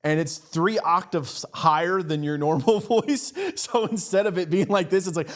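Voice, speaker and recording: A man's voice: fairly high pitch, a little fast, hardly any pauses. A man hosting a podcast as a business coach, chatty and agreeable, often laughing and mimicking voices. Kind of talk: casual podcast conversation.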